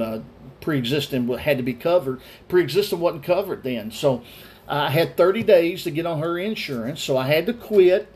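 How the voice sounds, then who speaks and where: A man's voice: fairly high pitch, darkish tone. A man in his forties, a pastor earnestly telling a personal story during a Bible study. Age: 40s.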